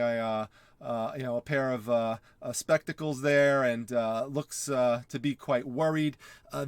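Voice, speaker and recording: A man's voice: mid-range voice, no echo. A man with a New York accent hosting a reselling vlog, explaining items in a rambling way with many "uh" fillers and restarts. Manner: enthusiastic about word origins. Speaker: reseller channel host.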